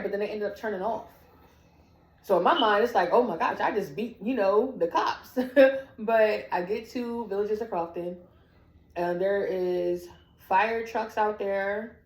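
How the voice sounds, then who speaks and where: Storytelling woman in an echoey room. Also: mid-range voice. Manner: animated, acts out quoted dialogue. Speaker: family member telling her story. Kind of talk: personal storytelling.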